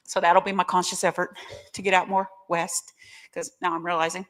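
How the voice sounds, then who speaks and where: Middle-aged woman, recovery-meeting guest speaker; candid, heartfelt, quick to joke with the room. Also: lowish voice, flat delivery, a bit bright, a little hiss or hum. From Oklahoma. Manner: candid, emotional and joking, addresses the crowd directly. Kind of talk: personal testimony talk.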